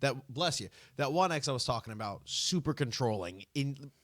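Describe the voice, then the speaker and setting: A man who co-hosts a podcast and does comedy talks in loose, halting bursts, repeating words before he gets going. His voice has a middle pitch and is recorded dry and close. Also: expressive, a bit bright, no room sound. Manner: stammering, repeats words when starting sentences. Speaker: comedian and co-host. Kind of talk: casual chat.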